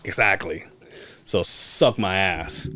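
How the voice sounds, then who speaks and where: A man's voice: low voice, slow pace. A man co-hosting a podcast, telling stories in casual, profane chat. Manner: profane, animated storytelling with laughter. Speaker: podcast co-host.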